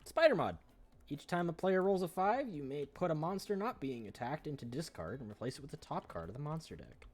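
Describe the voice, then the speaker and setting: Lively, swearing man at game night. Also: a little high, brisk. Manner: swearing, joking, hums and beeps to himself. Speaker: card game streamer. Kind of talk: casual game-night banter. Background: faint music.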